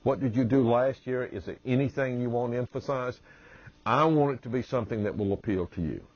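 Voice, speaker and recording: A man with a Southern US accent who talks slowly and easily as a humorist and motivational speaker, introducing himself with anecdotes. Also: mid-range voice, a little mellow, dry recording, highs cut off. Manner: slow, drawling delivery. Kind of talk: promotional self-introduction with anecdotes.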